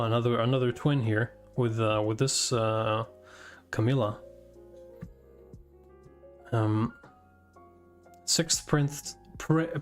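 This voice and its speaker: A man reads a comic aloud at an unhurried pace, his voice sitting in a middle register. He muses aloud with plenty of fillers and sudden surprised outbursts. Soft guitar music plays faintly underneath. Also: medium pitch. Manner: thinks aloud with fillers, bursts into surprised laughter and swearing. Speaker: host reading manga aloud. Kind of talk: casual reaction reading.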